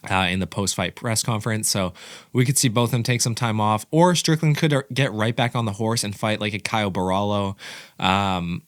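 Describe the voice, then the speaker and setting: Low-voiced excitable fight commentator. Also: male voice, moderate pace, no echo, studio quality. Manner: excitable, rambling, self-correcting. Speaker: host of a combat sports reaction channel. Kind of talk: casual commentary.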